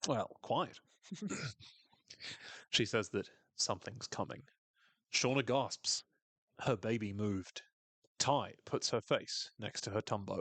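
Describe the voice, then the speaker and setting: A man's voice: medium pitch, expressive, slow, pauses often, fairly bright tone, dry recording. A man co-hosting a podcast, recapping a TV episode in a casual, wry way and acting out quotes. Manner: dry, wry humor, reads quotes in a voice.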